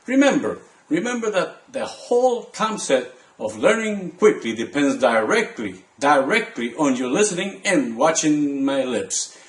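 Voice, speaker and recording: A man teaching a language lesson, saying words slowly and part by part for the listener to repeat. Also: fairly high pitch, very animated. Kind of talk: slow, deliberate language lesson.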